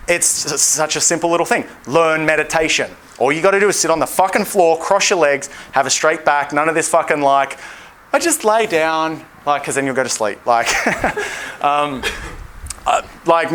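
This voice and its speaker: A man's voice: on the high side, slight background noise. Blunt, profane Australian man coaching. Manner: profane, blunt, animated with acted-out quotes. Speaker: dating coach. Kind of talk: seminar talk. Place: seminar room.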